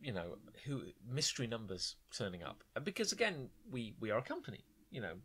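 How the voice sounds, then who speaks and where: Man, bright, lively pitch, rambling podcast co-host who acts out phone calls. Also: brisk, slight background noise. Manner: rambling, animated storytelling with acted-out quotes. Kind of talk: casual chat.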